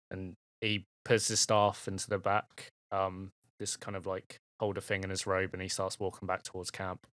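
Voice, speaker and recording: Low-voiced man as game master. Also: completely flat delivery, normal speed, hardly any pauses, fairly bright tone, no echo, clean studio sound. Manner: casual, rambling narration full of fillers. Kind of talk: narrating a tabletop game.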